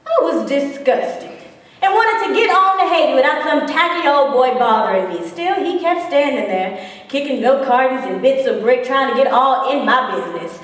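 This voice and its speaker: An actress performing a theatrical monologue as a spirited woman recalling her defiant girlhood, swinging between hushed and bold. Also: high-pitched, lively intonation, normal speed. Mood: wistful. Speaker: stage actress. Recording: echoey hall, far from the mic.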